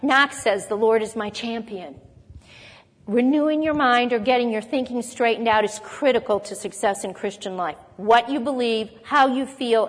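A woman preaching a Bible lesson, earnestly explaining verses and reading scripture aloud. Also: fairly high pitch. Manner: earnest teaching, reads scripture aloud, occasional light laugh. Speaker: Bible teacher. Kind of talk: sermon. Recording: long hall reverb.

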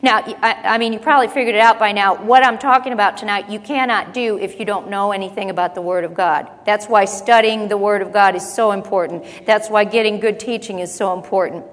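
A woman preaching a sermon, repeating phrases for emphasis and acting out low muttering. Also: fairly even intonation, brisk, hardly any pauses. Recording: long hall reverb.

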